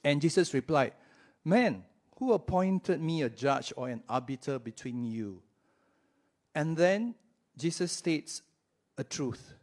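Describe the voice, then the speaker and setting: A man delivering a sermon in a church, speaking at an unhurried, deliberate pace. His voice sits a little high for a man, and he keeps the talk conversational, checking in with his listeners and stretching out the words he wants to stress. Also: lively intonation, darkish tone. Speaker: pastor.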